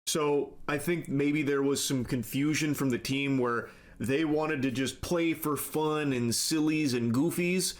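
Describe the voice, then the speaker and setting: Man, somewhat higher voice, steady explainer, wry remarks. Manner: measured explaining tone, sarcastic asides, acts out quotes. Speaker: commentator. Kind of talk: scripted commentary video.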